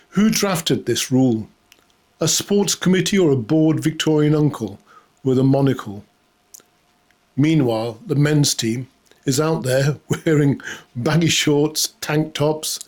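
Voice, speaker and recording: Sarcastic man, fairly high voice. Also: darkish tone. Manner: sarcastic, mock-outraged, breaks into laughter. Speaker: comedy host. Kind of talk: satirical comedy monologue.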